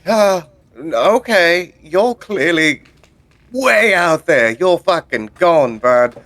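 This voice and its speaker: A man's voice: a little high, big pitch swings, extremely slow, a bit bright, dry recording. A man playing in a tabletop role-play game, joking and teasing the others. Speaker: player.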